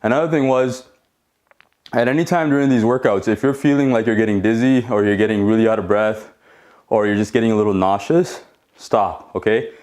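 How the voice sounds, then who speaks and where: A man's voice: fairly low pitch, a little fast, darkish tone. Male fitness instructor, home workout, supportive rep-counting coach who keeps asking "okay?". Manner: encouraging, checks in with frequent "okay?"; counts reps while exercising along.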